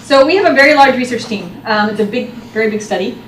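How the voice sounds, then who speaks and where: A woman's voice: fairly high pitch, expressive, quick pace. Woman presenting research in a roomy hall. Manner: upbeat, with frequent um fillers and restarts. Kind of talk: academic seminar presentation. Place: seminar room. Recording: roomy hall, distant mic, faint noise.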